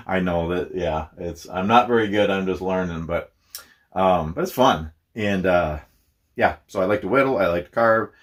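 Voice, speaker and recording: A man's voice: sits low, lively intonation, normal speed. A middle-aged man from Minnesota talking in a casual, rambling vlog, self-deprecating and laughing often. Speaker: YouTuber.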